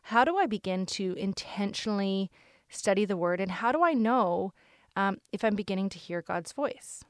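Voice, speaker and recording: A woman's voice: medium pitch, animated, normal speed, dry recording, studio quality. A woman hosting a conversational interview, asking questions and sharing relatable asides.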